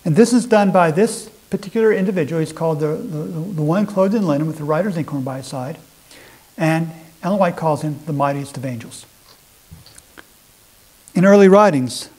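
A man's voice: on the high side, darkish tone, slightly rough, low-quality recording. A male pastor giving a sermon to a congregation, reading scripture aloud with earnest emphasis and often restarting his phrases.

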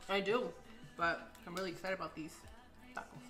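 A cheerful woman talks her viewers through a home cooking video in a casual, playful way. Her voice is bright and crisp. Faint music plays behind her. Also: lowish voice, brisk. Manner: upbeat, playful, chatty with viewers. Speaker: cooking channel host. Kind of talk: casual cooking chat and instruction.

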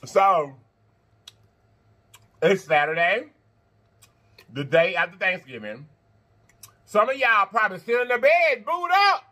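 A man hosting an eating-show vlog, chatting to viewers between bites, animated and quick to laugh. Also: sits high. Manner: animated, talks straight to viewers, laughs and chants; talks while eating and blowing on hot food. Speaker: mukbang host.

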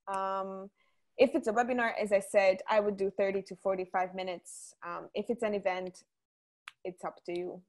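A woman's voice: medium pitch, steady tone, moderate pace, darkish tone. Chatty woman co-hosting a webinar. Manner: conversational, many ums and restarts. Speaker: webinar co-host. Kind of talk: casual webinar Q&A.

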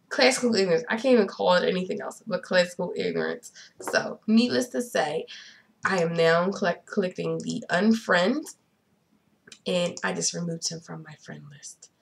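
Sassy young woman with a gravelly voice. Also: mid-range voice. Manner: sassy, incredulous, drops to whispers. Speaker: vlogger. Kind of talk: casual chat to camera.

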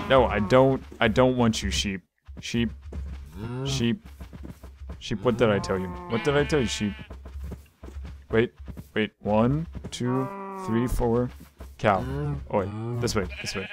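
A man's voice: mid-range voice, takes it slowly, pauses often. Playful man rambling through gameplay. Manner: playful, rambling, talks to animals on screen. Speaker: gaming channel host. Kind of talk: gameplay commentary.

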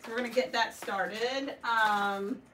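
A chatty woman with a Southern US accent, talking casually to her viewers as she works. Her voice sits a little high and comes from some way off the mic. A loud sewing machine runs behind her. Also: steady tone, slow pace, distant mic, a little hiss or hum. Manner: chatty, talks to viewers as y'all while sewing. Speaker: embroidery shop owner livestreaming her work. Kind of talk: casual live-stream chat while working.

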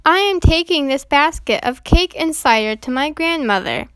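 Earnest polite little girl, high voice, dry close sound, voiced by a woman. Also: expressive, normal speed, a bit bright, dry recording.

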